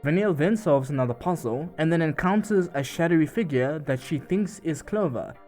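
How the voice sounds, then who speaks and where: This gaming channel narrator has a mid-range, darkish voice. Walking through a video game's plot scene by scene, he keeps things loose and chatty, peppered with "and she goes" asides.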